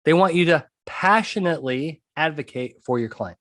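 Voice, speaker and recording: A man's voice: on the high side, lively intonation, moderate pace, a bit bright, dry recording, studio quality. Emphatic man hosting a podcast. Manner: emphatic, repeats key points, asks "okay?". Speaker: podcast host and trial consultant. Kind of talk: podcast monologue.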